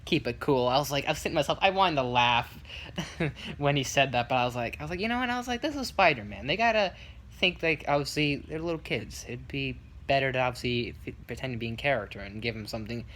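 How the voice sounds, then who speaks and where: A man tells a casual story to his vlog audience, his voice bright and forward. He rambles, restarts and fills gaps with "like," then livens the retelling by putting on the voices of the people in it. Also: medium pitch, a little hiss or hum. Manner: rambling, full of restarts and fillers; lively retelling with quick quoted voices. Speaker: vlogger.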